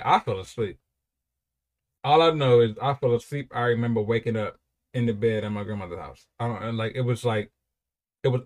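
A man's voice: on the low side, darkish tone. A young man giving casual, rambling commentary while reacting to music, with frequent repeated praise.

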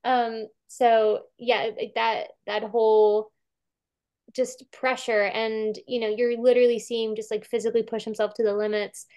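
A woman's voice: fairly high pitch, little pitch movement, normal speed, darkish tone. A woman curator chatting casually about a film over a video call, talking with many fillers and restarts and acting out quotes.

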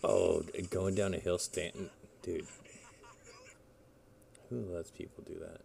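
A man's voice: low-pitched, flat delivery, takes it slowly, creaky, darkish tone, a little hiss or hum. A man streaming a game, chatting casually, rambling and swearing as he plays. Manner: rambling, swears, talks to himself while playing. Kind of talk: casual live-stream chat.

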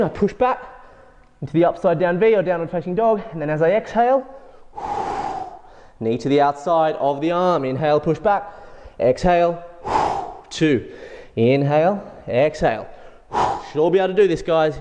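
Breathless guy coaching a workout, kinda high voice, long echoey reverb. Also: darkish tone, muffled recording. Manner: encouraging, counts reps aloud while exercising. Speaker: fitness instructor.

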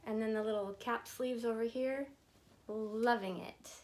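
A woman's voice: on the high side, fairly even intonation, measured pace, darkish tone. A woman in her fifties unboxing gifts on a vlog, gushing and laughing often as she talks. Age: 50s. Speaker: vlogger. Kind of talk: casual unboxing chat.

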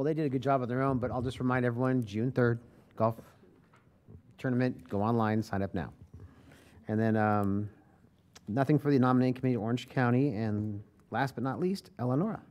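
Brisk man chairing a meeting. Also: mid-range voice, a little mellow. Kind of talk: running a meeting agenda.

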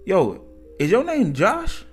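A man voicing an excitable young male ex who talks loudly and fast and keeps repeating himself. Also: medium pitch, soft background music, natural voice. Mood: starstruck. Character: excitable young male ex, starstruck then jealous.

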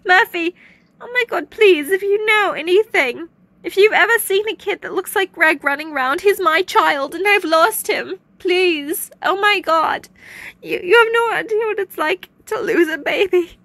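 A panicked cartoon mother begs for help in a high, breathless rush, voiced by a woman. Her voice sits well above the usual and sounds dry and close, with no room around it. It is amateur cartoon voice acting. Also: normal speed, pushed and bright, no echo, full character voice. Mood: frantic. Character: frantic mother searching for her lost son.

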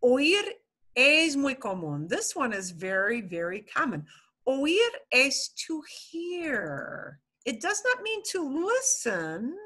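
Female language teacher, bright higher voice, slow and animated, patient explainer. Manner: patient, explains slowly, repeats words. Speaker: Spanish teacher. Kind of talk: online language class.

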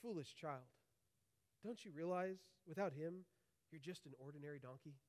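A pastor voicing a gentle, patient mother donkey while reading a story aloud. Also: a little high, moderate pace, voice pushed down, close to an everyday voice. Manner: speaks gently and softly.

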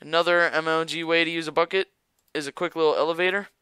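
A man's voice: fairly high pitch, steady tone, fast, pushed and bright, smooth, no room sound. A young man rambling through casual gameplay commentary as a gaming YouTuber, joking and talking straight to his viewers. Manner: rambling, jokey, talks to viewers.

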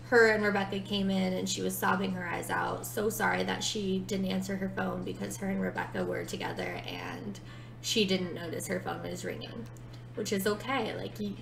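A storytime vlogger in her twenties, with a medium-pitched, gravelly and slightly bright voice, tells a personal story casually in a vlog. She's chatty and dramatic, packing in "like" fillers. The recording is rough and reverberant.

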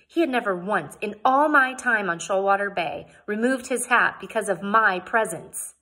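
Brief: woman narrator reading a story chapter, breathy, mid pitch, casual asides. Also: expressive, moderate pace, few pauses, pushed and bright. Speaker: audiobook reader. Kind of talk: reading a novel aloud.

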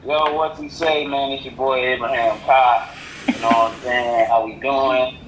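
A man's voice: mid-range voice, fairly even intonation, unhurried, fairly bright tone, slight background noise, poor audio. A man, casually plugging his car vlog. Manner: laid-back, plugs his upcoming vlog. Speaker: car vlogger guest.

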